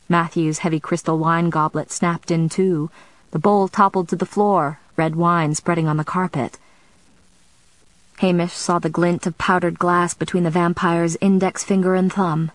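A woman narrating a novel in a measured, steady storytelling manner. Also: low-pitched, no echo, rough recording. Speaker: audiobook narrator. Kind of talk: scripted narration.

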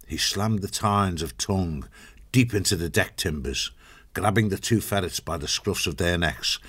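A man reads a fantasy novel aloud in a very low voice. His storytelling is measured and dramatic, and he paces each chapter with care. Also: husky. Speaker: audiobook narrator. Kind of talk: scripted narration.

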